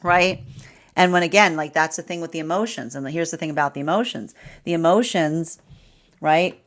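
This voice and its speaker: A woman's voice: deep voice, normal speed. A woman tarot reader giving a live astrology reading, rambling with many fillers and restarts and laughing often.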